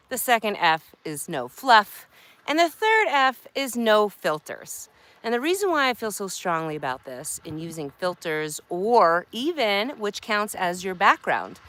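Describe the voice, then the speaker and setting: A woman's voice: lowish voice, a bit bright. A woman from New York, a marketing coach, talking directly and chattily to her phone camera outdoors. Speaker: marketing coach and live streamer. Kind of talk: casual talking-head vlog. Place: outdoors by a creek. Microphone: phone held by hand.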